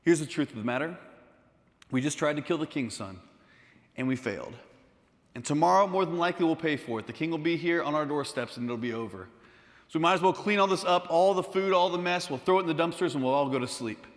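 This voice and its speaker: A man voicing a scheming town mayor who scolds his crew in a fast ranting voice, recorded with a long hall reverb. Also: a little high, lively intonation. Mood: grim. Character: angry scheming middle-aged male town mayor.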